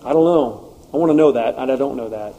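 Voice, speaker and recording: Male preacher, warm mellow tone, casual and animated. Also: medium pitch, fast, lo-fi sound. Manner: conversational, animated asides. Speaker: pastor. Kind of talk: sermon.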